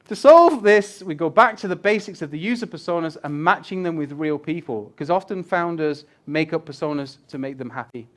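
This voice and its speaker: Male guest speaker, slightly high voice, lively and joking, casual with swearing. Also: brisk. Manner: animated, swears casually, jokes with the crowd. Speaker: guest speaker on user experience design. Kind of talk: casual presentation talk. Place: event room with a live audience.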